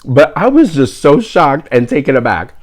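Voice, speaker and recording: A man telling a story in casual, animated fashion, joking and going off on tangents, dropping in Spanish words. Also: on the high side, normal speed.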